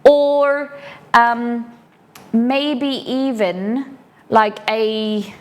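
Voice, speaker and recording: A woman's voice: fairly high pitch, fairly even intonation, very slow. An English woman hosting a casual live cooking stream from her home kitchen, chatty and rambling with cheeky asides. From England.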